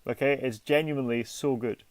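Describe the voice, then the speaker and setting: A man's voice: mid-range voice, fairly even intonation, brisk, no echo. A man in his thirties from the UK, co-hosting a casual podcast, joking and teasing with lots of laughter. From United Kingdom. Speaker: podcast co-host.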